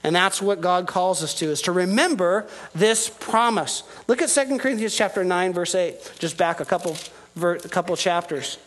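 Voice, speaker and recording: A high-voiced man delivers a sermon from the pulpit. He preaches earnestly, leaning into key words and letting his voice rise and fall with each point. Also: moderate pace, a bit bright, low-quality recording. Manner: earnest preaching, rising and falling with emphasis. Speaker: pastor.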